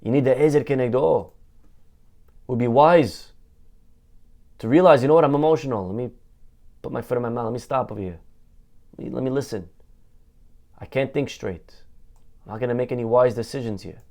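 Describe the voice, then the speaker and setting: A man speaking as a rabbi in a Torah lesson sermon, animated, asking and answering his own rhetorical questions and repeating phrases for emphasis. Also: medium pitch, a little fast, long pauses.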